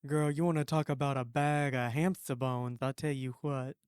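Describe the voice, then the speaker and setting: A man's voice: medium pitch, steady tone, moderate pace, darkish tone, clean tone, no echo, studio quality, lightly acted. A man doing a sassy brash woman caller. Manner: sassy, drawling pet names. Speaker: prank caller.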